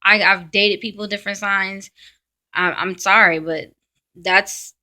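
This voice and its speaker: A woman's voice: medium pitch, steady tone, unhurried, sharp tone. A woman vlogger talking bluntly to camera in a casual, ranting monologue.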